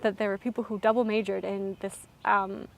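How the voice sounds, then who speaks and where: A woman's voice: mid-range voice, little pitch movement, a little fast, gravelly. A young adult woman and college student telling a story to camera in a chatty, self-deprecating way. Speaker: vlogger, college student of French.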